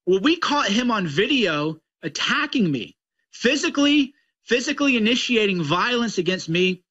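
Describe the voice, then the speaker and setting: High, sharp-voiced mocking male ranter. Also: very animated, moderate pace, breathy edge, muffled recording. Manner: mocking, combative. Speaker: political commentator. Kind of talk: ranting commentary.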